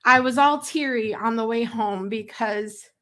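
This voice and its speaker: A woman hosts a live morning talk show with a bright, forceful voice. She chats in a loose, emotional way, full of fillers and restarts. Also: a little high, a little slow.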